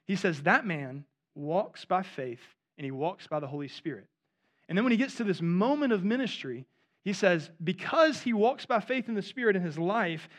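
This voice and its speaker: This thirtysomething pastor has a high-pitched, fairly bright voice. His sermon feels like a conversation, peppered with "right?" aimed at the congregation.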